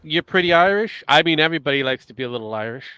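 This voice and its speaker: Profane, sardonic man with a bright voice. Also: fairly high pitch, expressive, racing, clear, resonant tone, no echo, lo-fi sound. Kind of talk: casual livestream chat.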